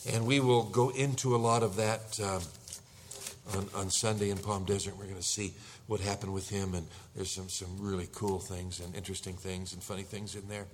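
A man's voice: low-pitched, flat delivery, moderate pace, slight background noise. A middle-aged man preaching a sermon as a pastor, telling the story with animation and acting out panicked husbands.

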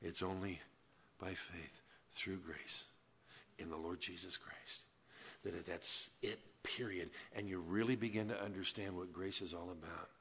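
A pastor preaching a Wednesday evening church sermon, swinging between loud, emphatic lines and quiet, conversational asides, with a folksy manner full of "man" and "you know". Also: sits low, fairly even intonation, a little slow, gravelly, husky.

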